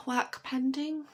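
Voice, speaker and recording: British woman rambling on her vlog at home, husky and kinda slow, laughs a lot. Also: high-pitched, bright, forceful tone. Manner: rambling, chatty, laughs often. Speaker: vlogger. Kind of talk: casual chat to camera.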